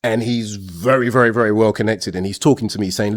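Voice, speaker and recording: A man's voice: fairly low pitch, fairly even intonation, quick pace. A man hosting a show, telling a frank personal story in a blunt, rambling, casual way.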